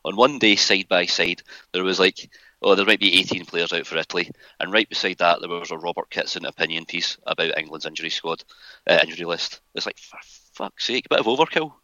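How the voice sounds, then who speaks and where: Deep-voiced ranting man. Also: brisk, sharp tone, dry recording. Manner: ranting, sweary, sarcastic. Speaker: podcast guest. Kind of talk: casual chat. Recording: muffled dry recording.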